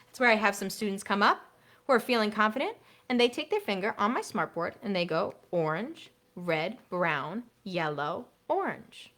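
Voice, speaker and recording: A medium-pitched woman speaking at a normal pace guides elementary music teachers through an online workshop. She's bubbly and talkative, dropping in short sung demonstrations now and then.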